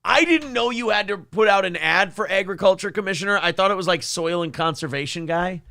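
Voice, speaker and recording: A male host joking crudely and rambling through a casual live-stream chat. His voice sits high and bright with a gravelly rasp. The recording is close and dry. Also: expressive, a little fast, no room sound.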